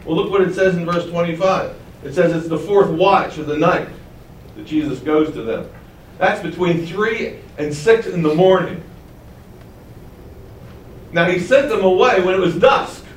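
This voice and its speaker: Conversational preacher in a roomy hall. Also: male voice, high-pitched, unhurried, long pauses, slight background noise. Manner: conversational, chuckling asides. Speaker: preacher teaching the Bible. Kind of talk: sermon, Bible teaching. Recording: roomy and distant, faint ambience.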